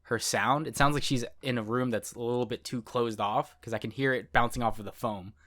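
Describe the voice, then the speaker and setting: A man's voice: mid-range voice, steady tone, a little fast, a bit bright. A man co-hosting a podcast in casual chat, rambling and correcting himself, laughing often. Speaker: podcast co-host.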